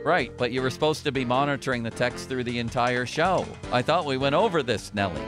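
Dry, teasing radio sports host. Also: male voice, mid-range voice, brisk, over music. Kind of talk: casual sports radio banter.

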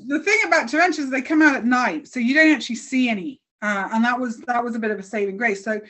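A woman's voice: a little high, quick pace, a bit bright. British woman guest, chatty and self-mocking, lots of restarts. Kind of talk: casual storytelling.

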